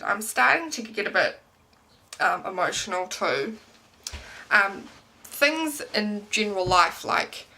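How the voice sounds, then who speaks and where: A young woman with a bright voice chats casually to camera in a personal vlog. She rambles, fills her sentences with "um" and "like", and keeps the talk loose and chatty. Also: mid-range voice. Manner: rambling, many ums and likes. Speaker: pregnancy vlogger. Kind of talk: casual pregnancy update vlog.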